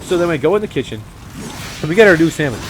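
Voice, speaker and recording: A young man giving casual, rambling commentary over a game, animated and full of swearing. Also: fairly high pitch, quick pace, noisy background. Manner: rambling, profane, animated storytelling. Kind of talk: casual let's-play commentary.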